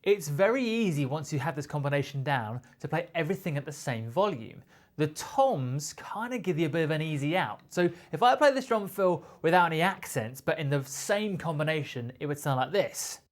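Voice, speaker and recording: A man's voice: a little high, expressive, normal speed. A man with a British accent teaching a drum lesson, explaining patiently and counting beats aloud. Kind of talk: instructional explanation.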